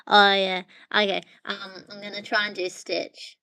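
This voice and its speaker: A woman's voice: medium pitch, level tone, unhurried, sharp tone, no room sound. A woman hosting a casual livestream, chatting with viewers from her phone in a rambling way. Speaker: livestream host.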